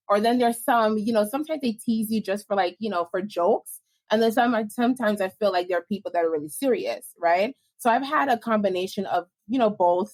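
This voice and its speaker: A woman born in the United States, a podcast guest recounting her experience in a relaxed, conversational way. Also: mid-range voice. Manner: relaxed storytelling with many fillers. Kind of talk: casual podcast interview.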